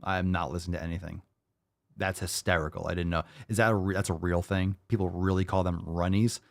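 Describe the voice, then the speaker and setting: A podcast host reacting to videos with sarcastic, profane commentary and mocking asides. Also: male voice, sits low, level tone, fairly quick, gravelly, dry recording, studio quality.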